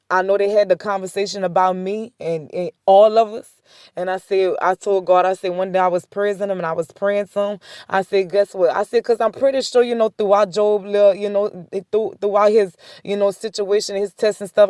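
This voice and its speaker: A woman speaking a heartfelt faith testimony in a relaxed, chatty manner, circling back with "I said" again and again. Her voice sits at an ordinary middle pitch. The recording is dry and close, with no room echo. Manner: repetitive, conversational storytelling with many "I said" asides; chuckles between points. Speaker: faith vlogger. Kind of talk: casual spoken testimony.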